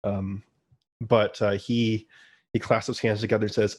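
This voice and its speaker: Low-voiced man running a tabletop game. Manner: relaxed, halting narration with fillers. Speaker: game master.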